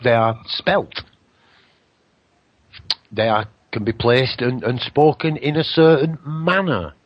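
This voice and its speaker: Husky man musing on the radio. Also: medium pitch, takes it slowly, lo-fi sound. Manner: musing, swears, slips into mocking voices for others. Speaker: radio show host. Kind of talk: rambling spiritual monologue.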